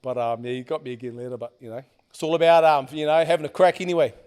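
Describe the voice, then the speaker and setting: Man, high pitched, middle-aged, animated casual storytelling, swears a lot. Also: fast talker, clear, resonant tone. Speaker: podcast guest.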